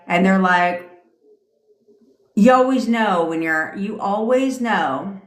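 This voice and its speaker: A woman in her thirties ranting on a live stream as a manifestation coach, blunt, commanding and full of swearing. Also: deep voice. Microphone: phone mic. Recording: echoey room.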